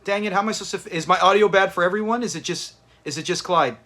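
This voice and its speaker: Reacting to a sitcom with his viewers, a livestreaming dad laughs frequently during his watch party. His high voice comes out rapid-fire, bright, and forceful.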